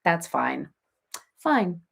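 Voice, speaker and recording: A comedian does a parody live chat, impersonating a chatty reality-TV mom who rambles through gossip and family stories on a live stream, laughing as she talks. Her fairly low voice is gravelly and pushed down, very animated yet extremely slow, in a full character voice.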